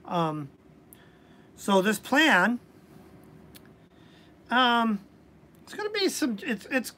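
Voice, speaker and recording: A woman's voice: fairly high pitch, big pitch swings, extremely slow, bright, forceful tone. A woman giving a casual live-stream tarot reading, chatty and hesitant, with frequent restarts. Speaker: tarot reader. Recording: faint background noise.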